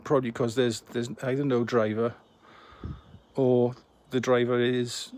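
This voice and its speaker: A man's voice: medium pitch, flat delivery, a little slow, darkish tone. A man in his sixties chatting casually to camera as a vlogger, rambling and self-deprecating. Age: 60s.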